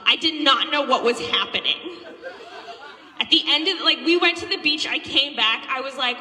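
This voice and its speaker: A young woman doing a stand-up set, telling stories in an animated, profane way and laughing often. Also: high voice, normal speed. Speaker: stand-up comedian. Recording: echoey hall with long reverb.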